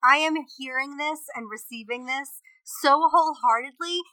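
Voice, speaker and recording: A woman's voice: sits high, normal speed, sharp tone, no room sound, rough recording. A woman hosting an interview, effusive and reactive to her guest. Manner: effusive and reactive, gasps and laughs along. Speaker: podcast host. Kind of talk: casual conversational interview.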